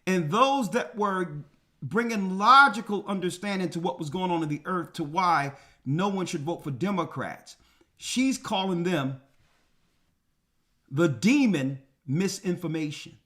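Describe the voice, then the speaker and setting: A man's voice: sits high, lively intonation, a little slow, fairly bright tone. A man, a church elder, hosting a commentary show and preaching emphatically to his co-host. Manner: emphatic, addresses co-host directly.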